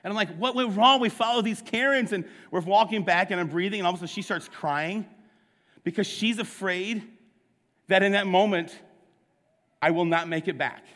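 A middle-aged man preaching a sermon, telling a story with lively acted-out dialogue. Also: high voice, moderate pace, long pauses. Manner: animated storyteller, acts out the dialogue. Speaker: pastor. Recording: long hall reverb.

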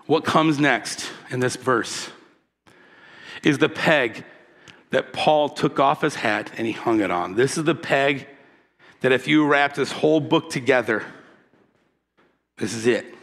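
Bright-voiced, impassioned male preacher. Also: mid-range voice, unhurried, long pauses. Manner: impassioned, emphatic preaching with call-and-response. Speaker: pastor. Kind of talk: sermon. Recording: long reverb of a large hall.

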